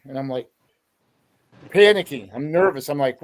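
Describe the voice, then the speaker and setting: A man's voice: fairly high pitch, moderate pace. Chatty man hosting a wrestling podcast. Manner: chatty storyteller with many fillers. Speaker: podcast host and sportswriter. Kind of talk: casual podcast interview.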